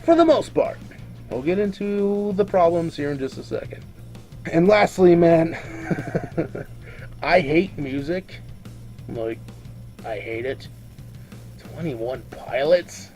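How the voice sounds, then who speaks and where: A tipsy man drawls through a casual review with a mellow, slightly higher voice. He rambles, swears freely and stumbles over his words, with faint music underneath. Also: animated, takes it slowly, long pauses. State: drunk. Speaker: movie reviewer.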